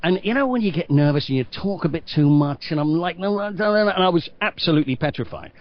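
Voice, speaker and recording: Middle-aged English man spinning lively stories. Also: on the high side, fast talker. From England. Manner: lively storyteller, acts out quoted voices. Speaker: stadium announcer guest. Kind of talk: animated anecdote telling. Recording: dull lo-fi podcast audio.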